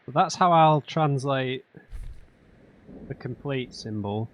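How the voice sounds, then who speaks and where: A man's voice: mid-range voice, slow pace. A man doing let's play commentary, thinking aloud and muttering to himself while he works through a puzzle. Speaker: gamer.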